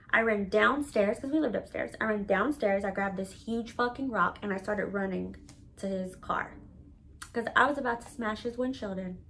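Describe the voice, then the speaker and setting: A woman telling a personal story to camera in a casual, candid, profane manner, animated and dramatic. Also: mid-range voice, moderate pace, vocal fry, rough recording. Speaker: storytelling vlogger.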